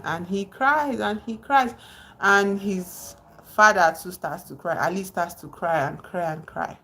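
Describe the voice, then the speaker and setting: This is a woman talking on a live stream with a slightly low-pitched voice. She retells a novel in a loose, conversational way and keeps stopping to greet people in the chat. Faint background noise sits under her voice. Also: a bit bright. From Nigeria. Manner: chatty, digressive, breaks off to greet viewers.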